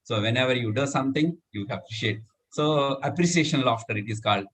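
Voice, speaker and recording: A man's voice: medium pitch, lively intonation, fairly quick. Man leading laughter yoga with cheers. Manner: leads group with loud cheers and laughs. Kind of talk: live demonstration talk.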